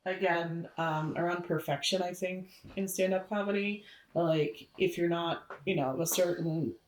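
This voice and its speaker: A woman's voice: fairly low pitch, steady tone, measured pace. A woman, a comedy producer and stand-up comedian, giving reflective interview answers with frequent fillers and restarts. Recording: echoey room, mic at a distance.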